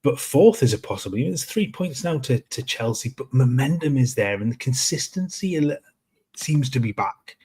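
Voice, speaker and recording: A man co-hosting a football reaction stream, his voice a touch husky. He talks through league positions in a measured way, often restarting his phrases. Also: medium pitch, animated, warm tone. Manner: measured, analytical, many restarts. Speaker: football podcast co-host. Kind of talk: live post-match reaction chat.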